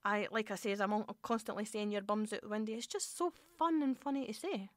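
A woman's voice: medium pitch, fairly quick, no room sound. A Scottish woman hosting a radio show in a playful, jokey manner, laughing often. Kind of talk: chatty radio presenting.

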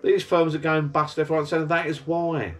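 A man's voice: a little high, fairly even intonation, normal speed, faint music behind. A man, rambling and grumbling in a casual monologue from his backyard garden bar. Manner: chatty, grumbling rant. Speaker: vlogger.

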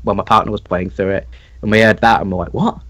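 A man's voice: lowish voice, steady tone, fast, crowd noise. A young man from the north of England with a mild Yorkshire accent, chatting casually on a livestream and often stumbling and repeating words. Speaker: co-host of a livestream. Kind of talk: casual chat.

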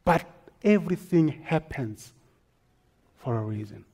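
A married man preaching a sermon as pastor, telling stories and swinging between hushed lines and forceful ones. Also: fairly high pitch, lively intonation, unhurried, creaky, husky. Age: adult, married.

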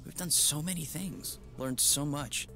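An actor playing a soft-spoken, thoughtful young man in a video game, speaking tenderly to his partner. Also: on the high side, a little slow, soft background music.

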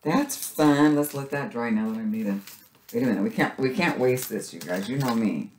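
Gushing low-voiced woman unboxing craft supplies. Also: moderate pace. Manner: gushing, excitable, lots of gasps and "so cute". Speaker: craft vlogger unboxing a subscription box. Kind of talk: casual unboxing chat. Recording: echoey room with faint noise.

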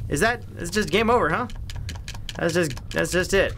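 A young man giving casual commentary while he plays a video game. He gets excitable, talks to the characters on screen and repeats phrases. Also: high voice, normal speed, gravelly, slight background noise. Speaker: let's play host.

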